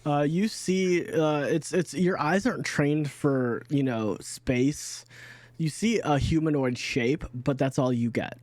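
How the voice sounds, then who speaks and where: A man running a tabletop game as dungeon master, describing scenes with many pauses and fillers. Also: fairly high pitch, a little mellow, no room sound. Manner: unhurried, halting, full of fillers.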